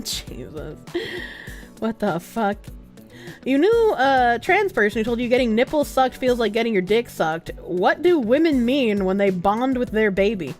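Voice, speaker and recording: A woman with a Boston accent, streaming and reading her chat aloud, animated and full of crude jokes and frequent laughter. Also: fairly high pitch.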